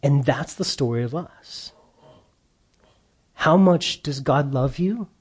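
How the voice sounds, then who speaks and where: A man's voice: on the high side, takes it slowly, slightly rough. A man preaching a sermon as a pastor, telling stories and giving emphatic points. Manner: storytelling with quoted voices, emphatic.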